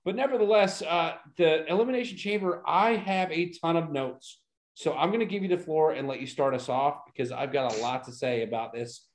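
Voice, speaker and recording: On a podcast, a co-host whose voice runs a bit high and a little fast looks back at a vintage wrestling event. It's casual wrestling talk, delivered with laid-back enthusiasm.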